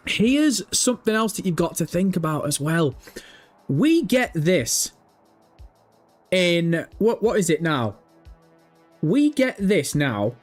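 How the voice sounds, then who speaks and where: Young male stream host, higher voice, jittery and sweary, faint music bed. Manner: excitable, profane, chatty. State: nervous. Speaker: livestream host. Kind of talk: casual live-stream chat.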